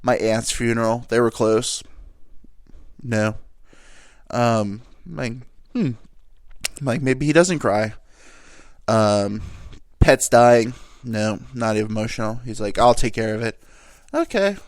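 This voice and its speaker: A man's voice: medium pitch, slow pace, pauses often, no room sound, studio quality. A young man hosting his own podcast, talking in a rambling, self-deprecating way with crude jokes. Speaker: podcast host. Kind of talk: casual solo podcast monologue.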